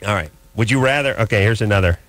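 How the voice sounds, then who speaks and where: A man's voice: lowish voice, fast talker, fairly bright tone. A man co-hosting a late-night call-in radio show, joking in a wry, offhand way.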